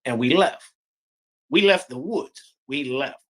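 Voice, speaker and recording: A middle-aged man from Pennsylvania telling a true encounter story in a halting, breathless, vivid way. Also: medium pitch. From Pennsylvania, USA. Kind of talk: animated personal storytelling.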